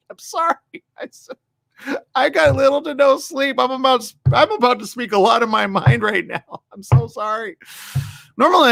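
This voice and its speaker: A man's voice: high voice, creaky, pushed and bright, dry recording, clean studio sound. A man hosting a live morning show, ranting bluntly and sarcastically while running on little sleep. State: sleep-deprived. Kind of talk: casual live-stream commentary.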